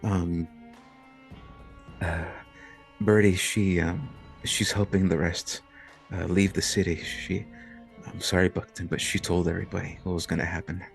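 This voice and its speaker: A man voicing a weary, flustered old man who rambles in halting, hesitant sentences. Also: low voice, flat delivery, creaky, faint music behind.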